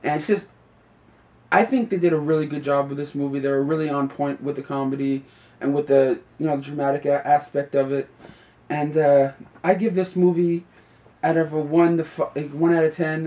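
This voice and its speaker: This video reviewer is a young man whose voice is on the high side and a little mellow. Rambling and casual, he fills his speech with "you know" and "like," laughing frequently as he goes.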